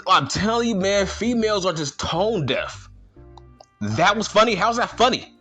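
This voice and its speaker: A man's voice: high voice, big pitch swings, moderate pace, bright, forceful tone, slightly rough, faint music behind. A man ranting in a vlog, indignant and slangy, firing the same rhetorical questions again and again. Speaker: vlogger.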